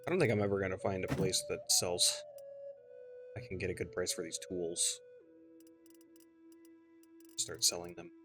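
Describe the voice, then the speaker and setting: A man with a fairly low voice chats casually while playing, often muttering item names under his breath. Faint game music plays behind him. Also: fairly even intonation, moderate pace, long pauses. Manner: mumbling, reads game text aloud, trails off quietly. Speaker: game streamer. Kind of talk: casual gameplay commentary.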